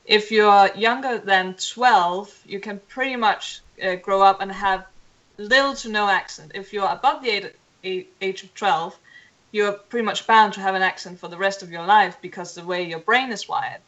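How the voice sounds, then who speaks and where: Non-native english speaking woman on a stream chat, kinda hesitant, bright voice, dull lo-fi audio. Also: mid-range voice, normal speed. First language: not English. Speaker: guest. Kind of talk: casual livestream chat.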